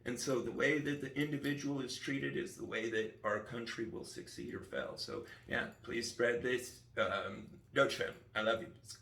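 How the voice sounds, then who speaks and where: A man's voice: mid-range voice, expressive, moderate pace, vocal fry, few pauses, a bit bright, echoey room, distant mic, a little hiss or hum. A man vlogging in a rambling, casual monologue, often trailing off with "anyway". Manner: rambling, restarts sentences, frequent "anyway".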